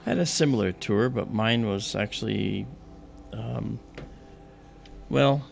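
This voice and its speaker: A man's voice: fairly low pitch, slow pace, gravelly. A man hosting a livestream, telling a childhood story in casual chat and acting out the other people's voices as he goes. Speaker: livestream host.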